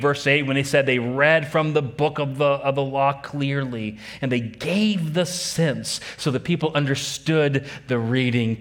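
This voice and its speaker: A man's voice: mid-range voice, a bit bright. A man preaching a sermon as a pastor, emphatic and repeating key phrases, putting questions to his congregation.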